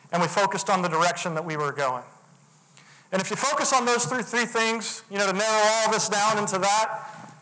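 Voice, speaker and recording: A man giving a motivational talk, telling a personal story earnestly and getting animated when he acts out other people. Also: high-pitched, poor audio. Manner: earnest, builds to animated retellings. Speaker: motivational speaker.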